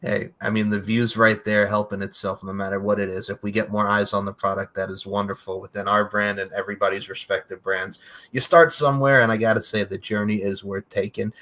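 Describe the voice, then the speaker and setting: A man's voice: lowish voice, level tone, brisk, a bit bright. A man hosting a casual podcast interview, chatty and loose, laughing often and swearing casually. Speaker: podcast host.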